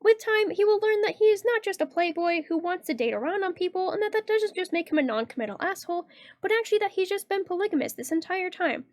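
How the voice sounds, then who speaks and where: A woman's voice: very high-pitched, animated, quick pace, dry recording. A woman streaming a horror game, chatting casually, reading out comments and rambling through her theories with frequent laughs. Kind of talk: casual let's-play chat.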